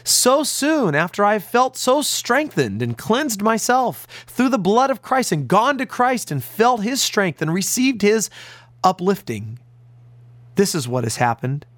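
A man's voice: big pitch swings, measured pace, fairly bright tone, dry recording. An American man, a pastor, delivering an earnest, emphatic radio sermon. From United States. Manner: earnest, emphatic preaching with big pitch swings.

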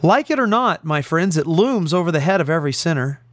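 Man preaching on the radio, kinda high voice, swings up and down a lot, really leans on words, dry close sound. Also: animated, fairly quick, no echo. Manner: emphatic preaching, stressing key words. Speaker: pastor. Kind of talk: radio sermon.

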